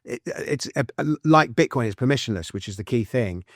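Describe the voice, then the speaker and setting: A man, speaking as a guest author in a casual interview, chatty and explaining with quick restarts and asides. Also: mid-range voice, expressive, no echo, clean studio sound. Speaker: author and financial commentator, guest.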